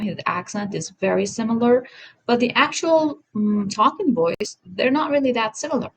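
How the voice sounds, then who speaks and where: A woman's voice: on the high side, slightly rough, low-quality recording. A woman talking in a casual commentary vlog, rambling and self-correcting, often apologizing, recorded on a home setup. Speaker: vlogger.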